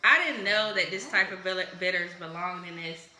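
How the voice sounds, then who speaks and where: Woman host, bright and cutting, exuberant rambling comic patter, echoey room. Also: fairly low pitch, fairly quick, a little hiss or hum. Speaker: comedy cocktail show host. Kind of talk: casual comedic chat while mixing drinks.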